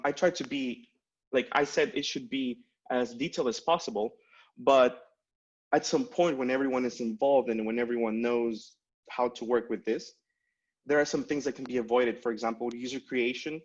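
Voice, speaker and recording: A man gives a conference tech talk in a loose, easygoing way, full of ums, likes and restarts. His voice sits at an ordinary middle pitch. The recording sounds dull and lo-fi. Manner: casual, many fillers and restarts. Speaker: conference speaker.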